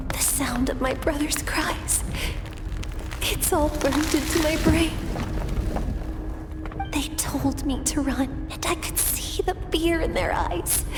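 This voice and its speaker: A woman voicing a gentle young woman warrior haunted by fear, in earnest, soft-spoken game dialogue. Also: very high voice. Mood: wistful. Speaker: game character. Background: faint game music.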